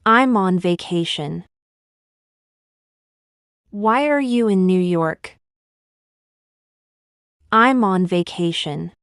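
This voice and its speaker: A woman teaching everyday English phrases in a slow, deliberate, scripted lesson. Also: lowish voice, dry recording, studio quality. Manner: slow, deliberate, clearly enunciated.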